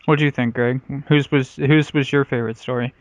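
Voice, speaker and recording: A man's voice: medium pitch, steady tone, a little fast, dry recording, highs cut off. A man hosting a casual comedy podcast, rambling and swearing freely. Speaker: podcast host.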